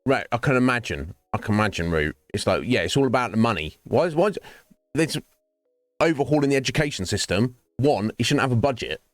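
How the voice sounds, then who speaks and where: A man's voice: medium pitch, lively intonation, a little fast, no room sound. A man chatting casually with viewers during a game stream, rambling from topic to topic. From United Kingdom. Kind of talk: casual chat while gaming.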